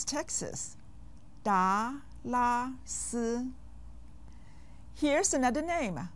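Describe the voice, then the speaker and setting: A woman teaching children in a scripted lesson, her voice on the high side. She moves through a lively range and speaks slowly, spelling out each sound with care. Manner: slow, carefully enunciated, with quizzing pauses. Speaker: language teacher. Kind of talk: scripted language lesson for kids.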